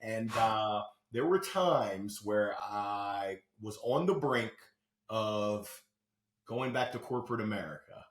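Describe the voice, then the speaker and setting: A man who is a motivational speaker, talking as a podcast guest in an animated, storytelling way with sudden loud bursts. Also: lowish voice, unhurried, hardly any pauses. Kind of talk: energetic interview talk. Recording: roomy echo.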